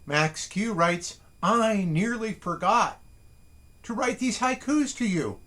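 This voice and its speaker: Guy reading haiku on a morning stream from his desk at home, slow and wry, voice swoops up and down a lot. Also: high-pitched, lively intonation, a bit bright. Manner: chatty and wry, reads poems slowly and deliberately. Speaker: host reading listeners' haiku. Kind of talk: casual morning livestream chat.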